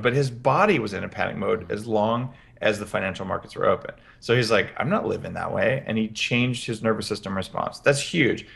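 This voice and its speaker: A man as a podcast guest, explaining practical health advice in an energetic interview. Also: lowish voice, creaky. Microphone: headphones with podcast mic.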